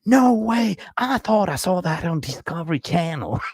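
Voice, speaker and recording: A man doing a loud, dim redneck uncle from Texas, with a raised, drawling voice full of naive amazement. He sounds crisp and close, with no room around him. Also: high-pitched, very animated, moderate pace, no room sound, voice pushed up, exaggerated voice. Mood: gushing.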